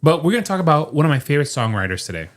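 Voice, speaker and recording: On a studio microphone, a man co-hosts a casual podcast, speaking very fast and very animatedly in a fairly high voice. He's a chatty storyteller who acts out what people said.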